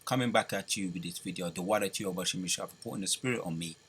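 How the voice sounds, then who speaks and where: A man preaching in a video sermon, emphatic, repeating phrases and pushing them up in excited bursts. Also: sits low, very fast, a little hiss or hum. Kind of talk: street-style religious video sermon.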